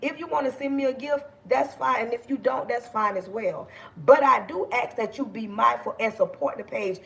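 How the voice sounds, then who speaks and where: Loud, passionate woman livestream host, gravelly. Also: a little high, moderate pace. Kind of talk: casual livestream talk to viewers.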